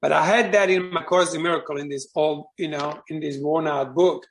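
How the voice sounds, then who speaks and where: Guest speaker, male, gravelly, rambling personal story talk. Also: fairly high pitch, fairly even intonation, a little fast. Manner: rambling, with many fillers and restarts.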